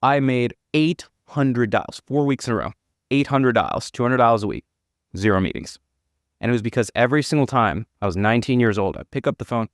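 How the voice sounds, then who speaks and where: A man sharing sales tips at a slow, deliberate pace, his voice at an ordinary middle pitch. The sound is dry and close, with no room around it. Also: lively intonation, dry recording. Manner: deliberate, measured storytelling. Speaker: sales expert. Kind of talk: conversational sales advice.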